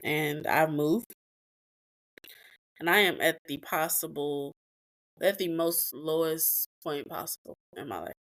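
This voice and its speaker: Blunt, profane woman podcaster, low voice. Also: slow, long pauses, fairly bright tone. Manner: blunt, profane, emotional, emphatic repetitions. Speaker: podcast host. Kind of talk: candid personal storytelling.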